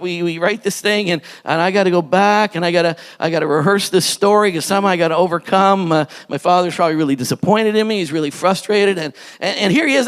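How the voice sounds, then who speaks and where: A man preaching a sermon as a pastor, animated, acting out the story's voices and shouting at the high points. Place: church hall. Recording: church hall with long reverb.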